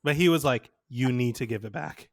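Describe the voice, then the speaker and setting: A man's voice: mid-range voice, a little fast, gravelly, no room sound, studio quality. A young man co-hosting a podcast, chatting casually and telling a story with lots of laughter and quoted dialogue. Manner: animated storyteller, laughs often, quotes people. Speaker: podcast co-host. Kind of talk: casual chat.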